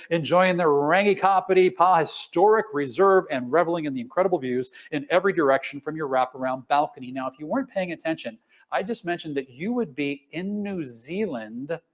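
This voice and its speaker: A man working as auctioneer at a livestreamed charity benefit, calling out bids in an upbeat, jokey way and reading out the lots. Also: on the high side.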